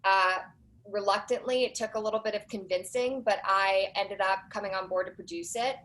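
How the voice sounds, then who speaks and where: Woman guest on a podcast, mid-pitch, animated storyteller, lots of quick asides. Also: low-quality recording. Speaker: podcast guest, documentary producer. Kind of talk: casual interview chat.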